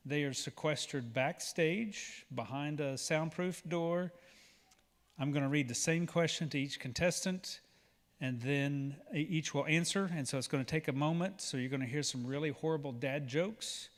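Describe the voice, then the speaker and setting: A man with an Oklahoma accent hosting a pageant on stage, chatty and joking with the crowd. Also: fairly high pitch. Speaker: pageant emcee. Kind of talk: live event hosting. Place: large auditorium. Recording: long hall reverb.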